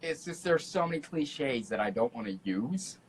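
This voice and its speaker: A young man talking as a guest on a casual podcast, outgoing and animated, laughing often. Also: fairly high pitch, moderate pace, slight background noise, low-quality recording. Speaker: guest artist.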